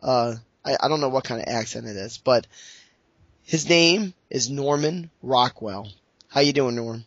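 A man from New Orleans co-hosting a sports podcast, talking in a rambling, jokey way with quick asides. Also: medium pitch, a bit bright, no room sound, muffled recording. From New Orleans, Louisiana. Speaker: podcast co-host. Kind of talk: casual sports podcast chat.

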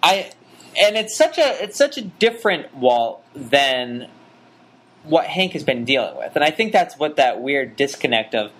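A man chatting casually about a TV episode, rambling and animated with many restarts. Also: unhurried. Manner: rambling, animated, frequent restarts and pitch jumps.

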